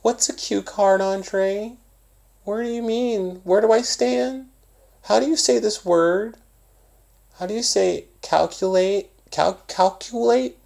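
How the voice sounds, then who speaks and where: A man putting on a squeaky, clueless little kid. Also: slow pace, gravelly, darkish tone, full character voice. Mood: innocent. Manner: high, wide-eyed questions. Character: sweet, clueless young child student.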